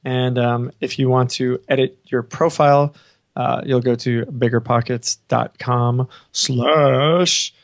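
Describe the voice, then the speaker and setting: A man hosting a podcast, hoarse from having partly lost his voice, joking and upbeat in casual banter. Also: mid-range voice, steady tone, slow pace. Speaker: podcast host.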